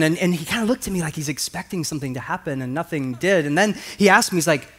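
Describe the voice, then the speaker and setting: A man's voice: on the high side, animated, brisk, fairly bright tone, a little hiss or hum. A male pastor preaching a sermon, telling a personal story and acting out the voices of the people in it.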